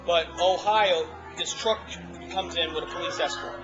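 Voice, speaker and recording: At a restaurant, a man rambles through his own story in informal conversation, restarting often and retelling parts emotionally. His voice is fairly high-pitched at normal speed, and the audio is dull lo-fi with music behind it.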